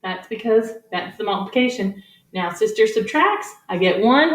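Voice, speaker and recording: A woman's voice: mid-range voice, animated, moderate pace. A middle-aged woman teacher giving a playful, upbeat math lesson to children from her home garage, filmed at a whiteboard. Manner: upbeat, playful, talks to kids. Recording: echoey garage.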